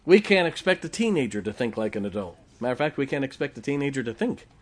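A man's voice: mid-range voice, animated, fast. A middle-aged man preaching a folksy sermon, often asking the congregation questions. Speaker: pastor.

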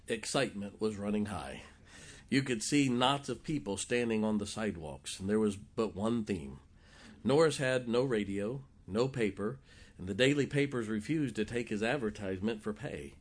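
A male pastor preaching a sermon, telling stories in an animated, jokey way and acting out the quotes. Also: fairly low pitch, moderate pace. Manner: animated, jokey storyteller who acts out quotes. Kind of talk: sermon storytelling.

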